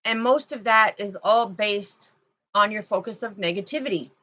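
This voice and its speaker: A woman giving a live oracle card reading, talking in a slow, meandering, chatty way and addressing her viewers directly. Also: medium pitch, bright, forceful tone, poor audio. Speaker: spiritual card reader.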